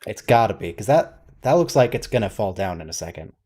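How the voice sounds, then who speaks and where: A man's voice: fairly low pitch, sing-song, brisk, mellow, slightly rough. A man hosting a watch-along, giving casual, wry, quizzical commentary and thinking aloud.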